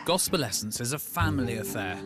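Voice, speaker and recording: A man reading a scripted television voice-over in a crisp, brisk manner. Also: medium pitch, animated, over loud music. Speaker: narrator.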